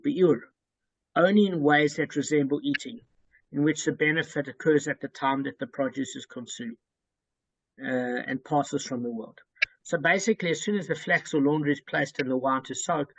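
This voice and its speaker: A man explains a Talmud passage to friends, walking through each point methodically and circling back with plenty of ums and restatements. His voice is gravelly and somewhat husky, sitting slightly high for a man. The sound is dry and close, with little room around it. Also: dry recording, poor audio. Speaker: Talmud study leader. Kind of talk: explaining a Talmud text to a study group.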